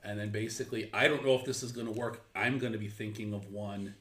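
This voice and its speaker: A man's voice: on the low side, fairly even intonation, fast talker, fairly bright tone, roomy sound. A man playing a tabletop game, describing what his character does, with frequent restarts. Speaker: player. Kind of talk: tabletop role-play.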